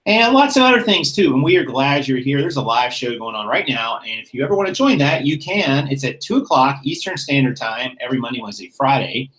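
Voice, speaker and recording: A man hosting his own channel in a casual chat, relaxed and self-mocking, laughing easily. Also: mid-range voice, fairly quick, few pauses, poor audio. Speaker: YouTube channel host.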